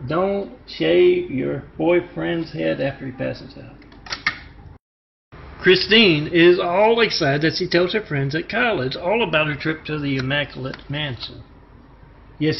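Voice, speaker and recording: A man delivering a rambling, disjointed self-promotional monologue, halting with fillers. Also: on the high side, creaky. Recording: muffled lo-fi recording with faint hiss.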